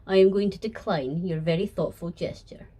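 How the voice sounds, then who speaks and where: A woman's voice: lowish voice, mellow, slightly rough. Woman voicing a sly, formal snake-like man. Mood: dry, sly. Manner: formal, measured, dryly sarcastic. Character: sly polished male snake-like deceiver. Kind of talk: fan audio sketch.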